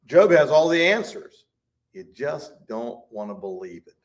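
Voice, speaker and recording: A man teaching a Bible study, animated, reading scripture and talking to his congregation. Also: a little slow. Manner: animated, rises to shouts and drops low. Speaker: pastor.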